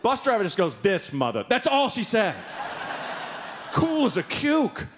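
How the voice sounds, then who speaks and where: A man's voice: extremely high pitch, a little slow, background noise. A man doing stand-up comedy on a live stage, telling a story and acting out the people in it with big jumps in his voice. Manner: animated, acts out characters with big voice jumps. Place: live stage before an audience.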